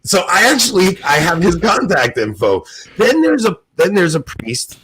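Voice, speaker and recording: A man co-hosting a podcast, telling stories in an excited, animated way and laughing often. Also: fairly high pitch, unhurried, background noise. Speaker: podcast co-host. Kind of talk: casual podcast chat.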